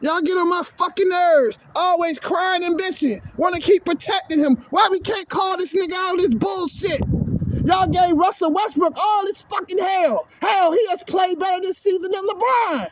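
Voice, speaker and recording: With a very high voice, a slightly bright tone and a moderate pace, this man rages at the viewers of his own sports channel. The angry monologue is profane, heated and repetitive.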